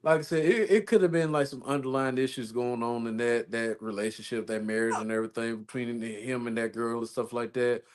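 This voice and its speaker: Man, podcast co-host, casual rambling delivery, mid pitch. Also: steady tone, fairly quick, few pauses. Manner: rambling, repeats phrases, laughs often. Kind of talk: casual chat.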